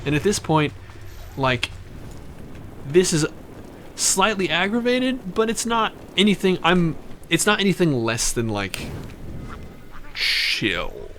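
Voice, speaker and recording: A young man telling a story in a casual, animated way, full of fillers and restarts. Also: sits high, a little slow, pauses often, a little hiss or hum. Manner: animated, chatty, many fillers.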